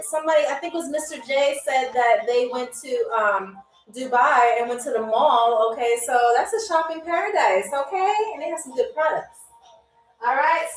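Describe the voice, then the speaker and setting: Young woman, live-stream game host, high voice, chatty and encouraging, roomy distant sound. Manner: encouraging, chatty, keeps checking in with "okay?" and "all right?". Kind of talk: live-stream hosting, reading viewer comments.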